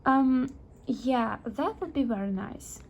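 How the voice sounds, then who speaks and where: A woman voicing a polite, modest young mother who talks slowly and a little hesitantly in a home-made toy sketch. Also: high-pitched, expressive, darkish tone, slight background noise, full character voice. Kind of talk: amateur toy sketch voice acting.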